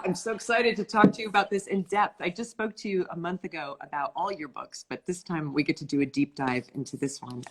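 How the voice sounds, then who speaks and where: A woman with a fairly low voice hosts a casual live stream. She is bubbly and affectionate, greeting her viewers warmly and laughing often. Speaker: host of a live-stream author interview.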